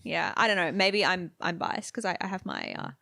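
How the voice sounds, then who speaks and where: A young woman in her twenties co-hosting a podcast in a relaxed chat. Her voice has a gravelly, fry-tinged edge, and her sentences wander and restart as she laughs along. The sound is close and dry. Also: on the low side, moderate pace, dry recording. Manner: rambling, self-interrupting, laughs often. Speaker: podcast co-host. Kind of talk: casual chat.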